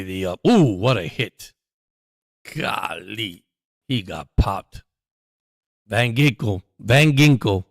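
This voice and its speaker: A man hosts a live sports stream, rambling casually and calling plays as they happen. His voice sits fairly low, and it comes through dry and close. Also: no echo. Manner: chatty, rambling, quick to laugh.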